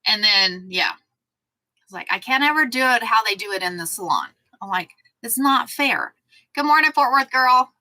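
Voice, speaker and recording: A woman's voice: mid-range voice, animated, normal speed, bright, forceful tone, no room sound, poor audio. A woman hosting a casual sewing livestream, chatting with viewers by name and talking to her dog between steps.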